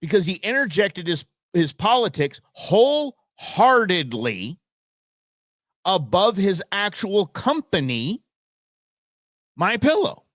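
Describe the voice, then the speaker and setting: Male talk host, middle-aged, blunt and exasperated; lively, somewhat high voice, dry studio sound. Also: takes it slowly, no room sound. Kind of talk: opinionated live show rant.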